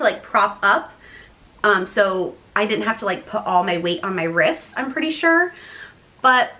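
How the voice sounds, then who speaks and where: A woman's voice: on the high side, sharp tone. A young woman vlogger casually telling a personal story to the camera, chatty and talking straight to her viewers. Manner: chatty, addresses viewers as "guys".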